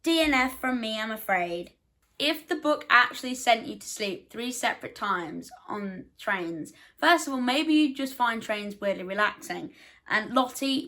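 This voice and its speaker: Chatty young woman, fairly high voice. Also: lively intonation, bright, forceful tone. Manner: chatty, self-deprecating, quick defensive asides. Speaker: book vlogger. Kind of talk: casual chat to camera.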